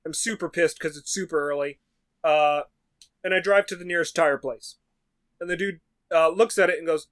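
A man telling a frustrated story in casual chat, animated and swearing, acting out what people said. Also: a little high, normal speed. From New York. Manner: animated, swearing, acts out quotes. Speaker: podcast co-host.

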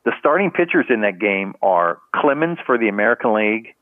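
A man's voice: fairly low pitch, very animated, fairly quick, no echo. An older man, a retired sports trainer and guest on an interview show, tells rambling anecdotes full of "you know" and restarts. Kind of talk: casual storytelling in a podcast interview. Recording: tinny phone-like line, dry.

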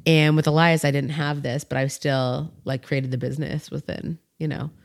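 Woman podcast host in her thirties, blunt and expressive, swears freely, dry close-mic sound. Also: low voice, normal speed, gravelly, no room sound. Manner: frank, swears freely, animated storytelling. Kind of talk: casual chat.

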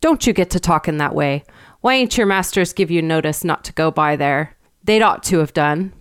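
A woman's voice: sits low, expressive, moderate pace, clean tone, dry recording, clean studio sound. Woman doing grave old country shepherd. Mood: startled. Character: gruff old rustic male shepherd, grave and superstitious. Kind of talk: storybook reading.

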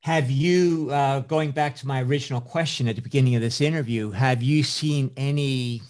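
A man's voice: mid-range voice, moderate pace, a little mellow. A man hosting an interview, hesitant and agreeable as he asks questions. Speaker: interview host. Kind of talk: interview talk.

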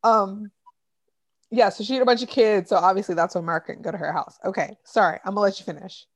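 A young adult woman hosting a casual podcast from home, chatty and quick to cut in with asides and swearing. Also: mid-range voice, fairly even intonation, no echo. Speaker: podcast host.

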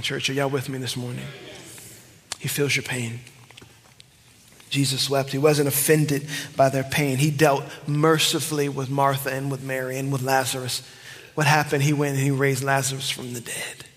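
A man preaching a sermon to his congregation, swinging between loud emphatic cries and hushed whispers. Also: medium pitch, little pitch movement, normal speed. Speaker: pastor. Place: church sanctuary. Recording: long church hall reverb.

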